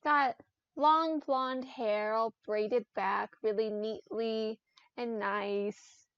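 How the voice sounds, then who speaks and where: A woman playing a tabletop game over a voice call, talking in a drawn-out, giggly way. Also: fairly high pitch, fairly even intonation, clear, resonant tone, no room sound, highs cut off. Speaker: player. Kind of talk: casual tabletop game chat.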